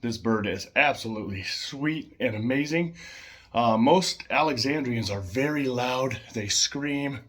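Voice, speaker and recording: A man casually showing his pet birds at home, chatting in a rambling way with fillers and soft laughs. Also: medium pitch, a little slow.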